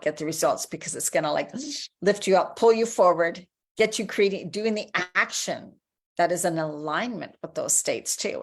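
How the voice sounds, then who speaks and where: A woman, around her forties, giving an encouraging, conversational motivational talk as a life coach. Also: mid-range voice. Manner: encouraging, conversational, acts out inner voices.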